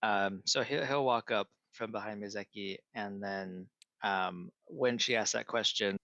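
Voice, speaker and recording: A man describing his character's actions in a tabletop role-playing game, in a measured way with fillers. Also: lowish voice, pushed and bright, no echo. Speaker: player. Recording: dull lo-fi sound.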